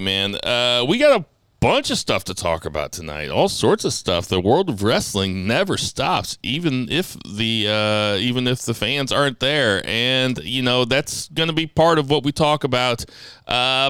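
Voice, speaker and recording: A man's voice: mid-range voice, sing-song, fairly bright tone, clean tone, no room sound. A man hosting a casual wrestling podcast, upbeat and joking. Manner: upbeat, joking, fast intro patter. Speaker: podcast host. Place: home studio in South St. Louis.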